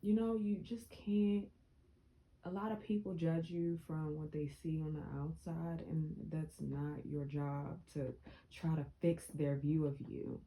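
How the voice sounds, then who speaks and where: A young woman speaks to her viewers in a casual motivational vlog. Her voice sits low and mellow. She talks earnestly and repeats lines for emphasis. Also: little pitch movement, unhurried, poor audio. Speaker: vlogger.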